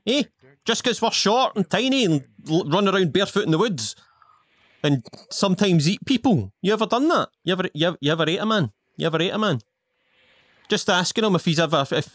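A man's voice: fairly high pitch, fairly bright tone, dry recording. A man giving cheeky, rambling, in-character commentary while playing a video game. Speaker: gaming YouTuber. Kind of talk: playful in-character gameplay commentary. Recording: game music playing behind.

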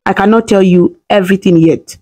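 A woman's voice: medium pitch, a little fast, warm tone, lightly acted. A woman voicing a fierce young mother who speaks with urgent determination to protect her twins. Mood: soothing.

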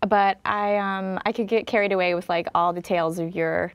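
A woman's voice: medium pitch, steady tone, fairly quick, clean tone, no room sound. Dry-sounding woman interviewer. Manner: encouraging, admiring questioner. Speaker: interviewer and host. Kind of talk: casual interview chat.

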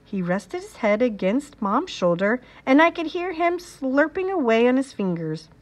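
A woman reading a children's novel aloud in an expressive way. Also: high voice, normal speed. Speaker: reader.

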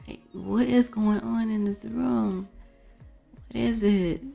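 A woman's voice: mid-range voice, fairly even intonation, slow pace, creaky, mellow. A woman hosting a casual let's play, chatting and exclaiming at the characters in her game. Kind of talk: casual gameplay commentary. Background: faint background music.

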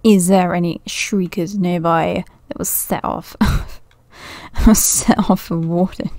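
A woman's voice: lowish voice, steady tone, slow pace, mellow. A woman giving casual let's-play commentary, thinking aloud nervously, often laughing and dropping to a whisper. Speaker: gaming video creator.

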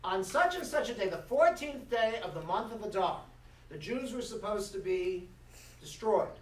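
A man delivers a funny Shabbat sermon in a synagogue sanctuary, telling a story peppered with playful remarks to the congregation. He speaks at a moderate pace in a high voice with lively intonation. The recording carries hall echo, distance, and faint noise.

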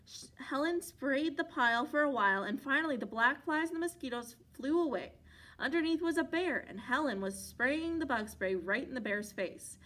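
A woman from a library reading a children's picture book aloud, expressive and playful, with funny sound effects. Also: sits high, normal speed. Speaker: library storyteller.

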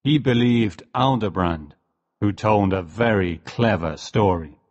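Slow, low-voiced male story narrator. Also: muffled recording. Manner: slow and clear, for language learners. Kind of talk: graded-reader story narration.

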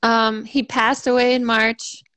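A woman receiving a psychic reading, answering quietly and briefly. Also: on the high side, little pitch movement, unhurried, no room sound. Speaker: reading client.

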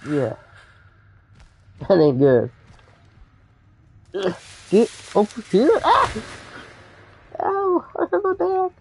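Excitable young gamer with cracking voice. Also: male voice, very high-pitched, very slow, long pauses, husky. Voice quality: voice cracks when yelling. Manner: excitable, yelling. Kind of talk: casual gameplay commentary.

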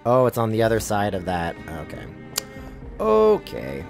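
A man streaming a game live, chatting casually and reacting loudly to what happens on screen. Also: on the low side, a little fast. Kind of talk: live gameplay commentary. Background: game music.

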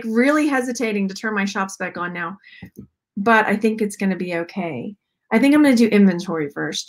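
A woman's voice: on the high side, a bit bright. A Southern American woman hosting a live jewelry unboxing stream, chatting in a rambling, friendly way and greeting viewers by name. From Texas. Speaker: YouTube host. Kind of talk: casual live-stream chat.

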